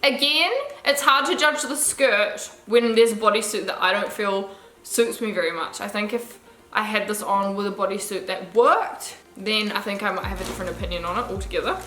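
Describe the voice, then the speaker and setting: A woman's voice: medium pitch, normal speed, bright, forceful tone, reverberant, soft background music. A young woman, chatting casually and gushingly through a clothing try-on haul, swearing now and then. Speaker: fashion vlogger.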